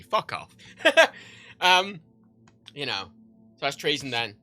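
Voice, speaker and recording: A man streaming a game and chatting off the cuff, his voice bright and sharp with a lively, swooping pitch. He rambles from one thing to the next, swearing constantly. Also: unhurried, pauses often, soft background music. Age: 30s. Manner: profane, rambling, animated. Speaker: livestreamer. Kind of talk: casual livestream chat while gaming.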